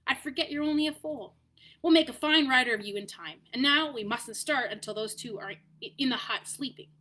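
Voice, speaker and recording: A haughty talking war horse, voiced by a woman gives orders in a brisk, impatient storybook voice. The tone is bright and a little high, with lively emphasis on the words it cares about. He sounds sure of himself and quick to scold. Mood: brisk, proud. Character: proud adult male talking war horse, brisk, bossy. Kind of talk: storybook read-aloud.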